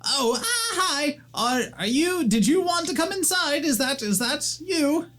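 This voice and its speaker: A man voicing a fidgety, nervous young male gnome librarian who talks in high, rushed chatter during a tabletop game. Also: sing-song, bright, forceful tone, exaggerated voice.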